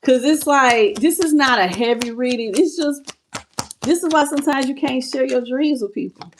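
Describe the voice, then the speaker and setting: During a live tarot reading, a woman welcomes viewers in chat by name, laughing frequently and singing fragments playfully. Her voice sits high and moves at normal speed, with slight background noise.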